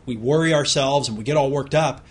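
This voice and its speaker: Man, course instructor, slightly husky, chatty explainer who talks straight to the listener. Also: mid-range voice, brisk. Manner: conversational, explaining with examples and direct questions to the listener. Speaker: self-help course instructor. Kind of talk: recorded productivity lesson.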